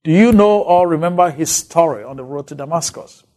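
A man from Ghana with a Ghanaian accent, giving a recorded Bible lecture with emphatic, drawn-out stresses. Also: on the high side, animated, a little mellow.

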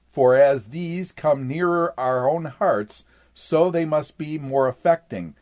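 A man reading an old sermon aloud in a measured, formal way, saying "quote" and "end quote" around scripture passages. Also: mid-range voice, darkish tone.

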